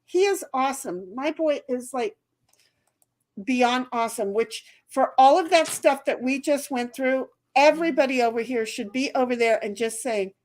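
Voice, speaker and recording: A woman's voice: high voice, moderate pace, darkish tone. A woman hosting a casual livestream, reading out chat comments with loose swearing and frequent laughter.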